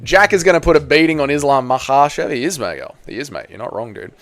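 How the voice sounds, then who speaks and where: A man's voice: medium pitch, animated, fast talker, a bit bright. A young man, chatting casually on a live stream, reading viewers' messages aloud and answering them.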